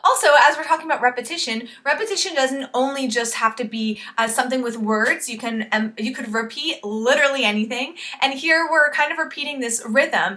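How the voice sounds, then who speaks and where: A woman's voice: fairly high pitch, a little fast, few pauses, bright, forceful tone. A woman songwriter giving an enthusiastic, analytical reaction to an album as it plays. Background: faint song playback.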